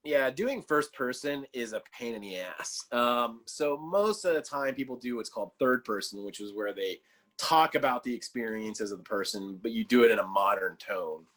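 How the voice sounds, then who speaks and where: A man's voice: medium pitch, animated, normal speed, a bit bright. A man talking as a guest on a casual podcast, telling stories loosely with lots of fillers and a sarcastic sense of humor. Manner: loose storytelling full of fillers.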